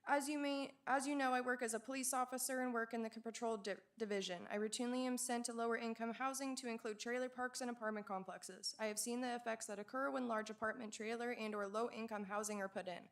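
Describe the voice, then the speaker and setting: A woman's voice: on the high side, fairly even intonation, fast talker, hardly any pauses. A woman in her twenties giving an earnest public comment at a city council hearing, growing emotional and pleading. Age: 20s.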